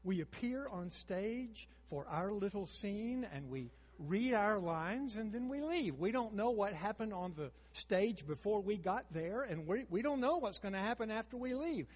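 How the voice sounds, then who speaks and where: An older male preacher with a husky voice that sits a little high and climbs and dips expressively. He shifts from hushed storytelling to emphatic, rising declarations. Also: moderate pace, few pauses, big-room sound. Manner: animated, swings between hushed storytelling and emphatic rises. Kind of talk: sermon.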